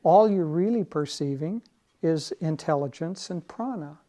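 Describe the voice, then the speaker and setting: A man voicing a yogi who calmly calls everything an illusion. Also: on the high side, measured pace. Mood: serene. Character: serene male yogi.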